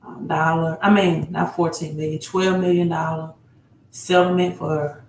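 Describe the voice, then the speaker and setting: A woman's voice: deep voice, flat delivery, unhurried, background noise. A woman hosting a live stream, greeting viewers one by one and often tagging her phrases with "right?". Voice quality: repeats place names, tags phrases with "right?". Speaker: livestream host. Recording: roomy echo.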